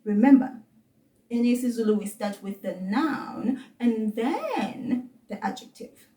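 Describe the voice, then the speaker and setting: A woman with a South African accent teaching a children's language lesson, encouraging and patient, saying words slowly for kids to repeat. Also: a little high, animated, warm tone, roomy sound, far from the mic.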